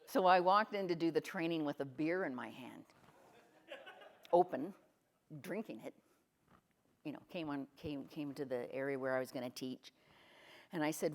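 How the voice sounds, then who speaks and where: A middle-aged woman from Canada giving a conference talk, questioning the audience and telling lively stories. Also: sits low, moderate pace, pauses often. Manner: lively storytelling, often quotes people. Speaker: guest speaker. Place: conference room.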